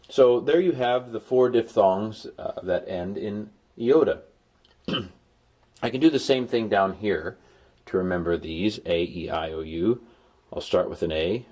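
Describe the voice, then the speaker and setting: A middle-aged man teaching a recorded Greek lesson, sounding out vowels slowly and repeating them with enthusiasm. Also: low-pitched, lively intonation, a little mellow.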